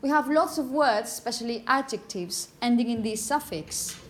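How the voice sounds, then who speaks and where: A woman teaching phonetics to a class, saying example words slowly and often asking "okay?". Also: fairly high pitch. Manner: repeats words slowly to model pronunciation; asks "okay?" often to check understanding. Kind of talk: classroom lecture.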